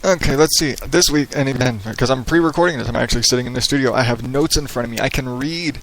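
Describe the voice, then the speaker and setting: A man talks on his own podcast in an easygoing, rambling way, swearing now and then, with a practiced radio-style delivery. His voice sits at an ordinary pitch and has a gravelly edge. He speaks into a headset mic in a small home office with hardwood floors that echoes. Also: fast. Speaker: podcast host. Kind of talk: casual solo podcast monologue. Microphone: headset microphone.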